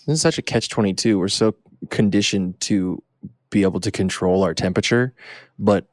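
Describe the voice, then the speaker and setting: A man's voice: lowish voice, fairly quick, a little mellow, no room sound, clean studio sound. A man hosting a casual chat over a video call, teasing and playful, rambling through his thoughts. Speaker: host.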